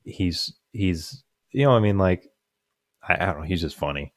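A young podcast co-host chats casually, his low voice lively in intonation at a normal speed. He rambles through stories full of fillers and restarts, often laughing at his own punchlines. The recording is dry and studio quality.

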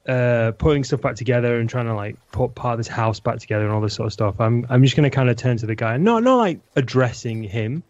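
A man's voice: medium pitch, fast talker, few pauses, no echo. Man playing his character, dry muffled sound. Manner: lively, mixes plain narration of actions with taunting in-character speech. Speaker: player. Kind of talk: in-character role-play.

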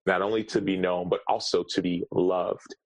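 A man, a guest author, sharing a personal story in an earnest, halting way, often repeating words as he searches for them. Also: low-pitched, little pitch movement, no room sound, poor audio.

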